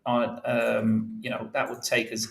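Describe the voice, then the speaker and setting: A man talks viewers through currency charts live, pausing with frequent "uh"s and restarting sentences. His voice sits at an ordinary middle pitch, and the room around him rings noticeably. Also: completely flat delivery, creaky. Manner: halting, many fillers, talks to viewers while searching charts. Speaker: market analyst. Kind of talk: live market commentary over charts. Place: office workstation. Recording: roomy, sometimes away from the mic.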